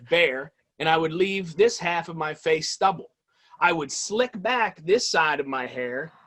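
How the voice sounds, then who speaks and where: A toy-hunting video creator appears as a guest on an interview show, telling lively stories. His voice is a bit high for a man, and he speaks with casual, eager, animated enthusiasm.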